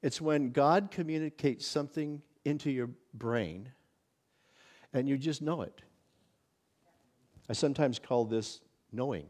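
A visiting pastor teaching a church workshop in a casual, conversational way, often acting out little exclamations of wonder. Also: male voice, mid-range voice, a little slow, long pauses, darkish tone. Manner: conversational, many restarts and acted-out inner exclamations.

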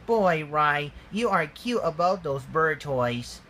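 A man voicing a sweet, cheerful young girl in a homemade storybook reading, with a high, bubbly, coaxing voice. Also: lively intonation, slow pace, sharp tone, slight background noise, heavily acted. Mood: cheery.

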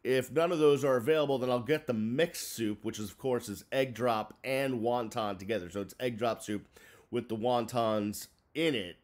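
A man's voice: mid-range voice, moderate pace. A man in his forties from the Boston area, ranting casually to camera in a chatty, rambling way with lots of fillers and restarts. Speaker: vlogger.

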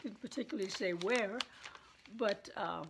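A woman in her seventies with a husky voice, chatting and laughing as she tells stories to her vlog viewers. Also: mid-range voice, moderate pace, noisy background. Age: 70s. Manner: chatty, laughs often while telling. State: throat trouble. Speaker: vlogger. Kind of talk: casual storytelling chat.

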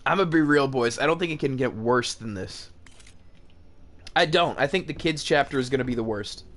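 A young man talks his way through a horror game, thinking aloud and muttering to himself. His pitch sits in a middle range, and he swears and shouts when the game jumps at him. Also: expressive, normal speed. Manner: jumpy, swears and laughs nervously, shouts when scared. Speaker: gaming video host.

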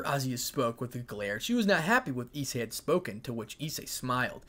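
A man's voice: medium pitch, fairly quick, few pauses. Man reading a fan story aloud. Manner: plain, even reading with small slips.

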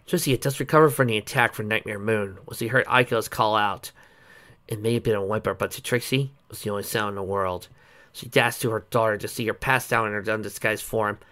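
Casual story reader, chatty and into it, reading fanfic out loud. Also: medium pitch. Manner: chatty, enthusiastic asides. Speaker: fan-fiction reader.

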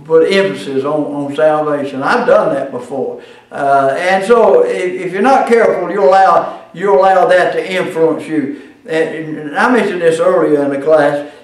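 A man lecturing on preaching in a folksy, halting way, stumbling through fillers and restarts. His voice sits somewhat high and is picked up from a distance. The room rings with heavy echo. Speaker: preaching class teacher.

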